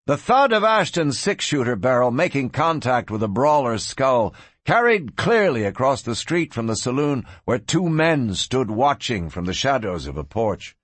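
A man narrates a western audiobook in a measured storytelling style. His voice is husky with a lively, expressive pitch, recorded dry and close. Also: dry recording. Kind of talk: scripted narration.

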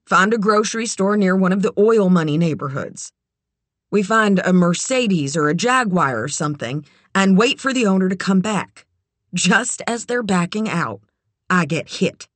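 A narrator voicing a nervous, eager young woman in an audiobook, with a higher, quick and hesitant way of talking. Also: expressive, fairly bright tone, no room sound, close to an everyday voice.

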